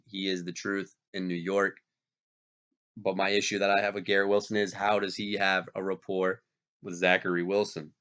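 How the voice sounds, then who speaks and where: A man hosting a fantasy football league show, talking casually with animated, self-correcting energy while getting over being sick. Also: on the low side, smooth. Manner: animated, hyped, self-interrupting. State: recovering from illness, coughing. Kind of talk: casual fantasy sports talk. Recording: dull lo-fi sound.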